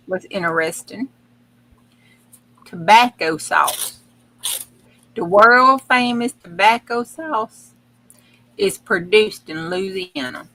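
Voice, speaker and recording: A woman's voice: medium pitch, bright, forceful tone, slight background noise, low-quality recording. A woman in casual livestream chat, reading fun facts in a folksy, chatty way and stumbling over words. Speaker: co-host.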